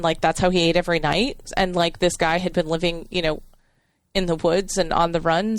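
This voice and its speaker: Soft-toned woman retelling a show, rambling. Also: on the low side, clean tone, no echo. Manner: rambling, heartfelt retelling with many fillers. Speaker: podcast co-host. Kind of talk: casual chat.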